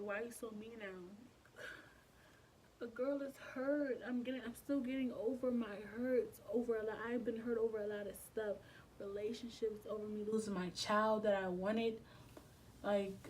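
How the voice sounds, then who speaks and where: On a low-quality recording with slight background noise, a vlogger with a medium-pitched, darkish voice shares a personal story. The young adult woman sounds subdued and emotional, speaking candidly in a casual storytime vlog with slang, cursing and phrases said over and over.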